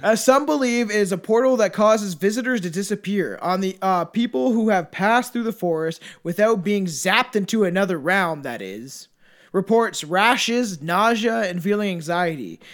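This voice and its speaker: A man's voice: sits high, lively intonation, normal speed, fairly bright tone. A man hosting a casual podcast, reading notes aloud, stumbling over names, swearing and laughing often. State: says he is stoned. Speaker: podcast host.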